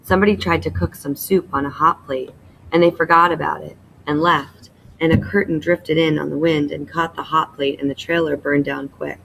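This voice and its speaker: A woman reading the lines of a quiet, grieving middle-aged father in a flat, subdued way. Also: low-pitched, normal speed, vocal fry, a little hiss or hum, rough recording. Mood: somber.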